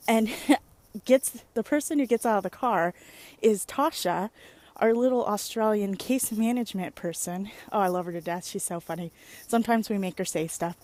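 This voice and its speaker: A young woman chatting casually to her phone camera in a vlog, rambling and animated as she tells stories. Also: mid-range voice, dry recording. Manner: rambling, animated storytelling with many "like"s and playful exclamations. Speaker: vlogger. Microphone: phone or webcam at arm's length.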